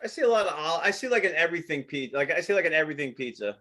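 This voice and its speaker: Chatty bright-voiced American man. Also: fairly high pitch, animated, racing. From United States. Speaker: podcast co-host. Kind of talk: casual podcast chat.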